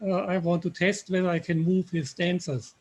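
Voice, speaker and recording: A man with a German accent, patiently explaining software step by step on a video call. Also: high-pitched, level tone, normal speed. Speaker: software presenter. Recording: dull lo-fi call audio.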